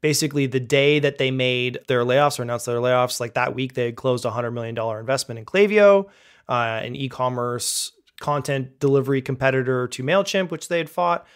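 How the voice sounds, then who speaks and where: A man's voice: mid-range voice, fairly quick, clean tone. A young man from Canada co-hosting a tech podcast, chatty and joking, poking fun at himself. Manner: chatty, joking, self-deprecating. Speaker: podcast co-host. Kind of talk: casual podcast chat.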